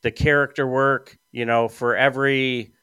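A middle-aged man in easy podcast conversation, his voice smooth and resonant. His delivery wanders through stories, full of "um" and "you know". The sound is dry and close. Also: medium pitch, little pitch movement, normal speed, sharp tone, dry recording. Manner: rambling storyteller with frequent fillers. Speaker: podcast guest. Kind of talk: casual chat.

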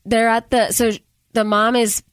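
A woman's voice: on the high side, level tone, measured pace, no echo. A woman co-hosting a casual podcast, retelling a movie plot in a chatty way with fillers like "um" and "like.". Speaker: podcast co-host. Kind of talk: casual movie recap chat.

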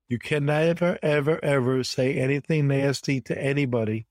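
A man in his seventies from the United States, a guest telling animated stories with emphatic repetition in an interview. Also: medium pitch, moderate pace, few pauses, dry recording. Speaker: guest, bridge champion. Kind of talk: conversational storytelling interview.

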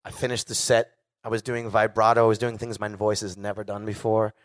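A man's voice: fairly low pitch, monotone, a little fast, dry recording, studio quality. A man in his forties, a singer, telling a candid and profane story casually to a live audience. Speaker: guest singer.

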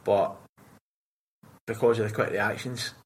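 Over a rough recording with slight background noise, a young Scottish man who works as a prison officer tells stories in an interview. He speaks in a lowish voice at an unhurried pace, chatting casually, swearing a lot and narrating with animation.

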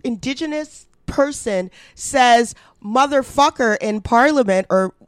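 A woman co-hosting a podcast who talks in a heated, indignant way and swears freely. She speaks slowly in a slightly high voice, and the recording is close and dry. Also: lively intonation, clear, resonant tone, no echo. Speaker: podcast co-host. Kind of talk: casual political chat.

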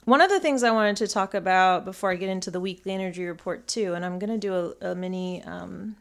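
A woman's voice: mid-range voice, fast talker, vocal fry. A woman from northern England who speaks with an American accent, talking in a chatty, rambling podcast monologue full of ums. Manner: chatty, rambling, frequent ums and light laughs. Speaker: astrologer and podcast host. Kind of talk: casual solo podcast talk.

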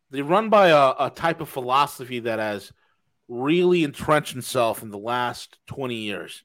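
An American man co-hosting a political podcast, talking in a casual, unscripted way. He is blunt and a little profane, hammering points home by saying them twice. His voice sits at an ordinary male pitch. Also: fairly bright tone. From United States. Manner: emphatic, repeats key phrases, blunt and profane. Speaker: podcast co-host.

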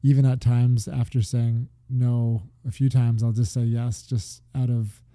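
A man's voice: medium pitch, little pitch movement, a little slow, dark tone. A man in his thirties co-hosting a podcast, chatting casually and laughing easily. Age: 30s. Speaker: podcast co-host. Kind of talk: casual chat.

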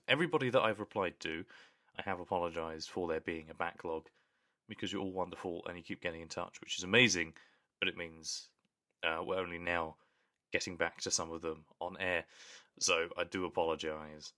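A man's voice: low-pitched, bright, forceful tone. A man co-hosting a podcast, talking in an earnest, thoughtful casual chat. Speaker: podcast co-host.

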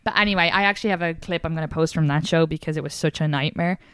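A woman, hosting a casual podcast chat and telling stories with lively acted-out quotes. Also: very fast, clean tone, no echo, clean studio sound. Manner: animated storyteller, acts out quotes in high voices. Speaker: podcast host.

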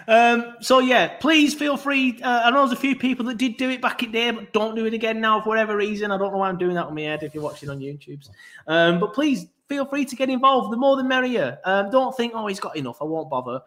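A man's voice: high-pitched, fairly quick, a bit bright. A man hosting a football podcast, chatty and rambling, with many asides. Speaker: podcast host. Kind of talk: casual chat.

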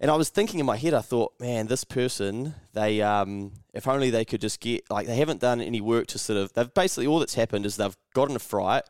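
A man's voice: medium pitch, fast, hardly any pauses, no echo, studio quality. Sweary New Zealand man telling a story. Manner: swears freely, acts out others in animated voices. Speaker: podcast co-host. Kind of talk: casual chat.

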